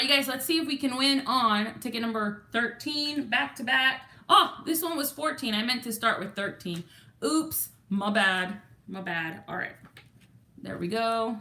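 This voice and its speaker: A Texan woman hosts a livestream, chatting casually and saying hello to viewers in the chat. Her voice is fairly high, pushed and bright.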